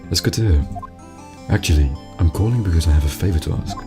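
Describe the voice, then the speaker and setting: A man voicing a calm, caring older sister who works as a lawyer, speaking gently. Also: deep voice, fast talker, music in the background, natural voice. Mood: gentle.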